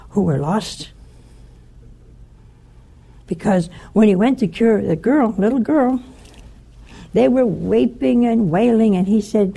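An older woman preaches and tells stories in a lively way, acting out the people she talks about. Her voice is gravelly and husky, with a dark, mellow tone. She speaks as a religious speaker addressing listeners. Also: medium pitch. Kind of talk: sermon-style storytelling talk.

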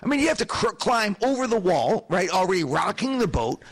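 A man with a notably high voice teaches from scripture in an animated, storytelling way. He paints the scene for his listeners and keeps asking them rhetorical questions. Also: brisk, husky. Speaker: preacher. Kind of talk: sermon-style Bible teaching.

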